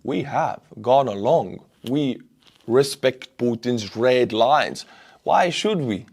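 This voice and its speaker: A man's voice: medium pitch, lively intonation, slow, creaky, a little mellow, breathy edge. A man, giving blunt, emphatic solo commentary on war news and pushing into indignant outbursts. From Estonia.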